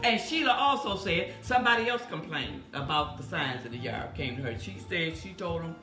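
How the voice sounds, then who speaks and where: A middle-aged woman, heated and fast-talking on a casual live stream, with loud outbursts. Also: deep voice, animated, over music. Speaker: vlogger on live video.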